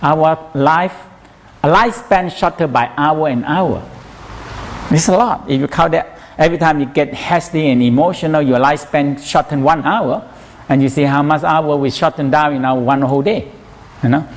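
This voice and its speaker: A man's voice: a little high, normal speed. A man teaching a massage workshop in broken English, often asking "you know?".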